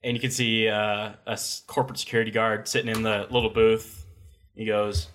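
A man's voice: on the low side, level tone, fairly bright tone, slight background noise. A man running a tabletop role-playing game as game master, narrating scenes in a casual, joking way. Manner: casual, laughing, quick asides.

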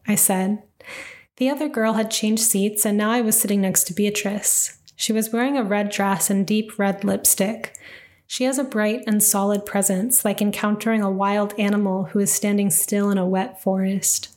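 A woman's voice: mid-range voice, steady tone, moderate pace, a little mellow. Woman reading a first-person story. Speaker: narrator.

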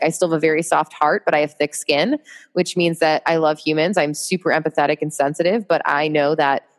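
A woman guest chatting on a podcast, upbeat and motivational, laughing often. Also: low-pitched. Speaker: podcast guest, marketing entrepreneur. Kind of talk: casual interview chat.

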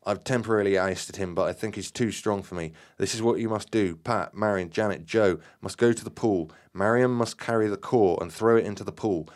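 A commanding male group leader who gives urgent orders in a firm, clipped way, as a man reading his story puts him on. The voice sits low and carries a steady authority. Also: brisk, hardly any pauses, close to an everyday voice.

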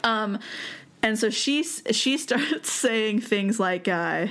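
A young woman talks through a story in a relaxed, chatty way. She laughs often and leans on fillers like "um" and "like" as she goes. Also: on the high side, slow pace. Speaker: podcast host telling the story. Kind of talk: casual chat.

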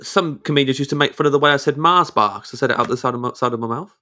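A man's voice: mid-range voice, very fast, sharp tone. A comedian and podcast host with a Northamptonshire accent who drops his Gs and Ts, chatting casually and asking eager questions. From Kettering, Northamptonshire, England.

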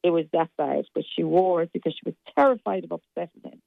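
A woman's voice: lowish voice, fast talker, creaky, no room sound, phone-quality sound. A woman speaking bluntly as a radio contributor. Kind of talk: casual radio chat.

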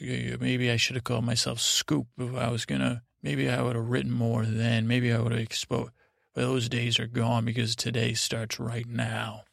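A man hosting a podcast, telling a meandering bedtime story in a halting, drowsy way. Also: medium pitch, creaky, dry recording, studio quality. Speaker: podcast host. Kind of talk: rambling bedtime story narration.

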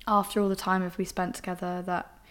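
A woman's voice: on the low side, level tone, a little fast. A young woman hosting a podcast, talking frankly and emotionally about her own life, with casual swearing. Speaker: podcast host. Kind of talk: candid personal monologue.

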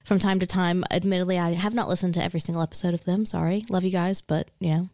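A woman co-hosting a podcast, chatting casually in a relaxed, hedging way with fillers. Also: on the low side, quick pace, dry recording, studio quality. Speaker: podcast co-host. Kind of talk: casual chat.

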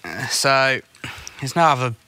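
A man's voice: medium pitch, lively intonation, measured pace, sharp tone, clear, resonant tone. A man telling sweary, rambling stories in casual chat. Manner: sweary storytelling.

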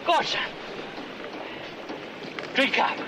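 An actor playing a vengeful gangster forcing a man to drink, menacing and building to shouts, heard in a film clip. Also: slow, close to an everyday voice. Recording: noisy film soundtrack clip.

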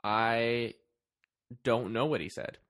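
A man's voice: medium pitch, slow, fairly bright tone. A man co-hosting a podcast who chats casually and drops short, dry comments and agreements. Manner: dry, brief agreeing asides. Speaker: podcast co-host. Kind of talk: casual movie review chat.

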